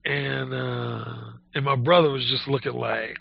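A man with a gravelly voice, a guest telling a blunt, boastful, crude story in casual talk. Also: mid-range voice, steady tone, measured pace. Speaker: dating advice guest. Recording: dull lo-fi audio.

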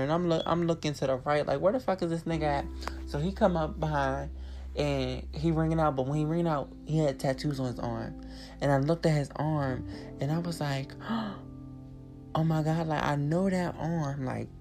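Low-voiced, profane woman podcast host. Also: brisk, a little mellow. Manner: profane, blunt, chatty storyteller. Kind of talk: casual storytelling monologue. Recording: guitar music playing underneath. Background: guitar music.

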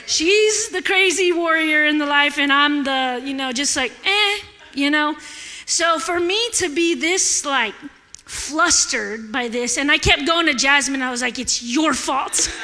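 A woman giving a sermon in a church, candid and animated, laughing often as she talks. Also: high-pitched. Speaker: guest preacher. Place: church sanctuary. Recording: echoey hall.

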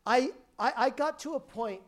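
A woman's voice: high-pitched, moderate pace. A woman preacher giving a sermon as a personal testimony, telling her story emphatically and often restarting her sentences.

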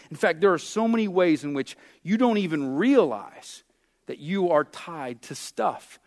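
A man preaching a sermon as pastor, impassioned, with big swings in pitch and loudness as he acts out prayers and scripture.

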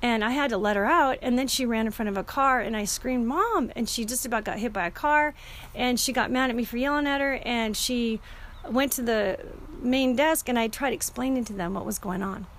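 A woman's voice: a little high, fairly quick, a bit bright, a little hiss or hum. A middle-aged woman telling a personal story in a casual, earnest and emotional way, often restarting her sentences.

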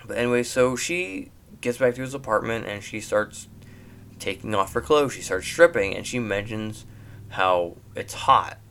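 Young man for a casual, rambling movie recap that gets animated at the funny bits. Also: lowish voice, moderate pace, clear, resonant tone. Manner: rambling, animated, laughs at jokes.

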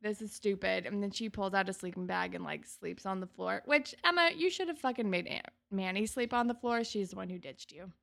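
Bright gravelly woman recapping a show. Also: fairly quick, hardly any pauses. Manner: animated, acts out characters' lines with big pitch jumps. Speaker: podcast co-host. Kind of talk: casual recap chat.

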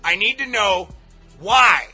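A man hosting a radio show, joking loudly and breaking into sing-song bursts. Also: high voice, lively intonation, takes it slowly, breathy edge, faint music behind. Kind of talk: casual radio banter.

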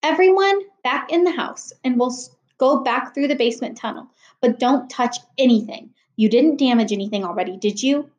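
A woman's voice: high-pitched, moderate pace, few pauses, darkish tone, muffled recording, close to an everyday voice. A woman voicing a stern, exasperated mother who scolds sharply, in a roomy echo. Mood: brisk.

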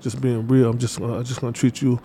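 Fast-talking man with a mellow voice. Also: medium pitch, level tone, slight background noise. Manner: loose, repetitive street slang with many fillers. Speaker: interview guest, artist manager. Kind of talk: casual interview chat.

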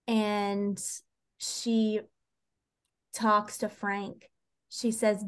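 A woman's voice: mid-range voice, a little slow. A woman co-hosting a casual podcast chat, gushing as she retells scenes. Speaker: podcast co-host.

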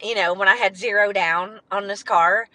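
A woman's voice: mid-range voice, fairly even intonation, normal speed, bright, forceful tone, no room sound, poor audio. A woman hosting her own podcast, talking in a rambling, candid way with fillers and the odd swear word. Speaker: podcast host. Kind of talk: casual solo podcast monologue.

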